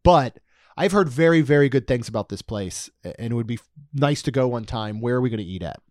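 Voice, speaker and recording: A man's voice: mid-range voice, animated, fast, darkish tone, no echo, studio quality. A man co-hosting a podcast in casual chat, reading out prices with jokey asides. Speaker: podcast co-host. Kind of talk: casual podcast chat about theme park costs.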